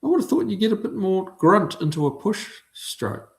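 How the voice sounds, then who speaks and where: A man's voice: high voice, sing-song, normal speed. Laid-back New Zealand man hosting. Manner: laid-back, chuckling, with frequent ums. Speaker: livestream host reading chat. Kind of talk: casual chat.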